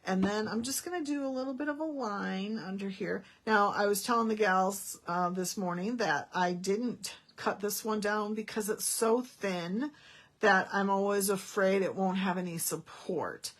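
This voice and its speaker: In an unhurried mid-range voice, a woman walks through a casual card-making demo as a Stampin' Up demonstrator. She's chatty and folksy, talking through her thoughts as she works.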